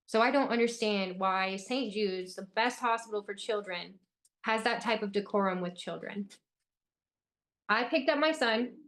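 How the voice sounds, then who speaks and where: A young woman from Illinois tells her story as an interview guest, her voice pitched in the everyday middle range. She speaks with urgency and intensity, pressing each point home. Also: normal speed, fairly bright tone. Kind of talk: personal account in an interview.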